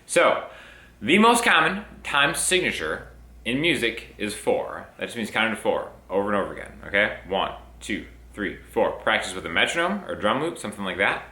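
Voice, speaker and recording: A man's voice: on the low side, sing-song, brisk, sharp tone. A young man teaching a casual guitar lesson in an upbeat way, counting beats aloud while he plays. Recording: roomy with guitar playing.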